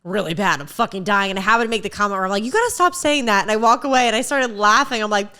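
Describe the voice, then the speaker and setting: A young woman co-hosting a podcast, telling stories in animated, laughing, sweary casual chat. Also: on the high side, racing, smooth. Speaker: podcast co-host, gym owner.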